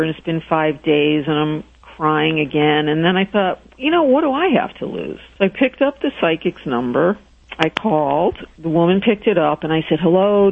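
A woman with a low, gravelly voice, a therapist and guest author, tells a story during a radio interview and acts out the voices of the people she quotes. The audio is dull and lo-fi, with faint noise.

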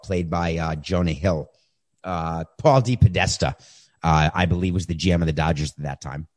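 A man in his fifties hosting a podcast, answering listener questions in a direct, conversational way and telling stories. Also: sits low. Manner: direct, conversational, animated when retelling. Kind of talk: casual storytelling.

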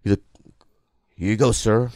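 A man's voice: fairly low pitch, normal speed, dry recording, studio quality. A man who is a podcast guest, telling a story in casual chat and acting out the people in it. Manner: animated, acts out the people in his stories.

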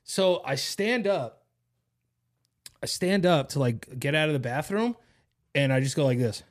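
A man's voice: on the high side, lively intonation, a little slow. A young man hosting a podcast, telling a long story in casual chat, rambling and profane with lots of slang. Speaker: podcast host.

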